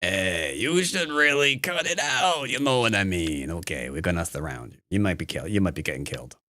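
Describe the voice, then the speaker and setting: A man's voice: low-pitched, lively intonation, brisk, bright, forceful tone, no echo. A man teaching Go on a live stream, talking casually and playfully, joking with his chat and rambling with fillers and restarts. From United States.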